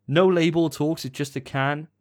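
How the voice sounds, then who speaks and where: A man's voice: on the high side, fairly even intonation, brisk, a little mellow. A man co-hosting a gaming podcast, chatting casually with dry, self-mocking banter. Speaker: podcast co-host. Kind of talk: casual chat.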